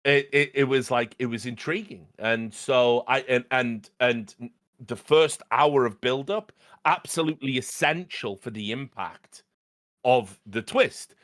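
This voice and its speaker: A man's voice: medium pitch, fairly bright tone, no echo, clean studio sound. A man co-hosting a podcast, stumbling through restarts as he gives his view of a film in casual chat. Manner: halting, stumbling restarts, easy laughs. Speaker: podcast co-host.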